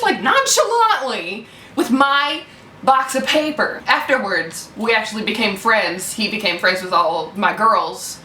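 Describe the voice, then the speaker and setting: Young woman, casual storyteller, swears a lot, bright voice, echoey room. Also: medium pitch, measured pace, far from the mic, a little hiss or hum. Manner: animated, swears freely, acts out quotes loudly. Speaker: YouTuber telling a story.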